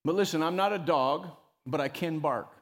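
A man preaching a sermon as pastor, emphatic and animated, often rising loud and dropping to a near hush. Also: moderate pace, big-room sound. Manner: emphatic preacher who rises and drops in pitch and loudness, calling "come on".

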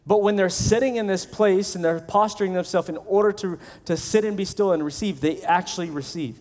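A man's voice: sits high, fairly quick, a little mellow. A male pastor preaching a sermon in a conversational way, acting out the voices of the people he quotes.

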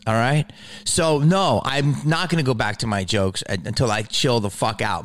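A male comedian and podcast host delivering a heated, profane, exasperated rant. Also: medium pitch.

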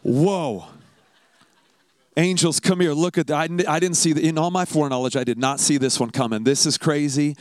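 A man's voice: on the high side, normal speed, no room sound, close to an everyday voice. A man voicing God as a flustered, panicking figure, in an exaggerated comic way. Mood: panicked.

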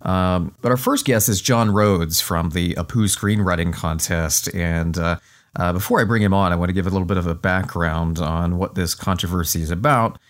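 A podcast host with a low-pitched voice chats casually at a normal speed while losing his voice. He is chatty, with frequent fillers and restarts.

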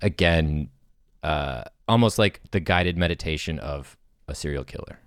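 A man co-hosting a podcast with a smooth voice, talking through ideas in a relaxed, thoughtful way with casual swearing. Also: very deep voice, unhurried, no echo, clean studio sound. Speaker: podcast co-host. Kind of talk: casual brainstorming chat.

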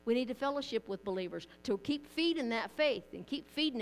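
A woman preaches a sermon in a church, her voice set a touch high. She talks in a plain, conversational way, often doubling back on her words. A low mains hum sits under the recording. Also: lively intonation, brisk, soft background music. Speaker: pastor.

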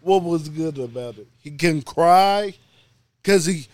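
A man's voice: a little high, expressive, takes it slowly, a little mellow, slight background noise. A man casually bantering about movies on a podcast, laid-back and laughing often.

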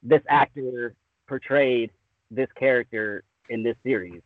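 A man's voice: mid-range voice, measured pace, no echo. Easygoing Southern man on a tinny line. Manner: easygoing, rambling, says "man" a lot. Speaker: guest. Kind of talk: casual podcast interview. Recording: tinny phone-like remote line.

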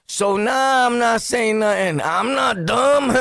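A man's voice: very high voice, takes it slowly, gravelly, bright, forceful tone, no room sound, studio quality. A man with a Brooklyn accent telling a story on his podcast, laughing and throwing in sound effects and street slang. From Brooklyn, New York. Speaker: podcast host. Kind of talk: casual storytelling.

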